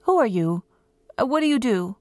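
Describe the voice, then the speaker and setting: A woman voicing a poor, kindly old king who dotes on his pet goose, speaking earnestly and sometimes in a hush. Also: fairly high pitch, expressive, moderate pace, no echo, lightly acted.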